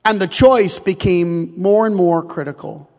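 High-voiced preacher joking with his congregation. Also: a little slow, a little mellow, in a large hall. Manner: storytelling, joking, calls out to the congregation. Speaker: pastor. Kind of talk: sermon. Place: church sanctuary.

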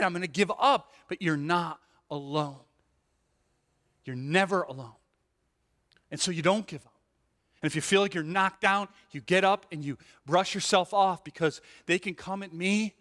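Bright-voiced male pastor preaching in a reverberant hall. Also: high-pitched. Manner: animated preaching, rhetorical questions, frequent "right?"; restarts and repeated words when building a point. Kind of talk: sermon.

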